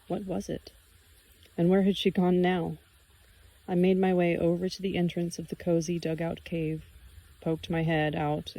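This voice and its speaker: A woman narrating a first-person audiobook in a calm, even storytelling manner. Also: lowish voice, rough recording.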